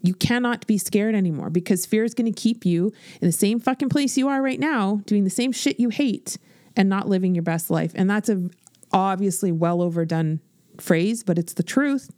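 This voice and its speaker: A woman in her forties hosting a podcast as a business coach, talking in a blunt, animated, swear-filled motivational style. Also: medium pitch, normal speed, no room sound, clean studio sound. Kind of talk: casual motivational podcast monologue.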